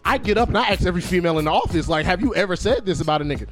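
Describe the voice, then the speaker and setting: Casting: high-pitched man, animated casual storyteller, music bed under the voice. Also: rapid-fire. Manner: animated, acts out quoted voices.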